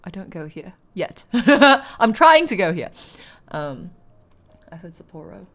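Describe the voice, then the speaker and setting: Animated, laughing woman streamer. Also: mid-range voice, slow. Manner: rambling, self-mocking, laughs often. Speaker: live streamer. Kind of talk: casual live-stream chat.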